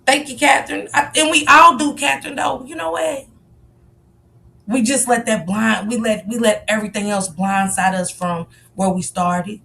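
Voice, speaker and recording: A woman hosts a casual live stream, open and confessional about her struggles. She swears freely and keeps answering her viewers. Her voice sits a touch high and sounds bright and forward. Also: moderate pace, gravelly, few pauses. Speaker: livestream host.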